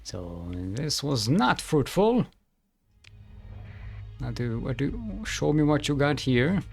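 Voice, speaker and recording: A man's voice: medium pitch, sing-song, slow pace, gravelly, slightly rough, faint music behind. A man streaming a game, thinking aloud in casual commentary and humming to himself.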